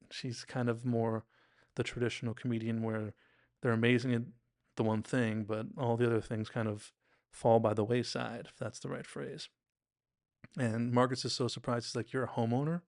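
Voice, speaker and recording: Gravelly-voiced man chatting enthusiastically. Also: mid-range voice, little pitch movement, normal speed, a little mellow, no room sound, studio quality. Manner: chatty, enthusiastic, acts out quotes, many "like"s. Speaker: TV recap podcast host. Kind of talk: casual episode analysis.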